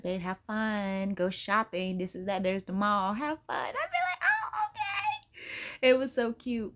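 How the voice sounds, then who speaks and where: A woman's voice: fairly low pitch, a little mellow. A young adult woman hosting a reaction video, chatting casually in a slangy, laughing storytelling way. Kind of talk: casual chat.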